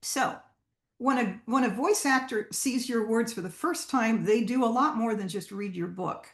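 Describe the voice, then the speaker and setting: A woman's voice: a little high, moderate pace. A woman voice actor giving a chatty, informal talk to a writers group, with many fillers and restarts. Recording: roomy echo.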